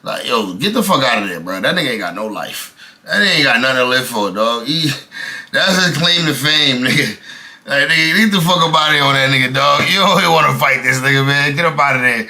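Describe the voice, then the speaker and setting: Brief: male co-host, bright edgy voice, slangy profane banter. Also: medium pitch, expressive, brisk. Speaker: co-host reacting to clips. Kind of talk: casual reaction chat.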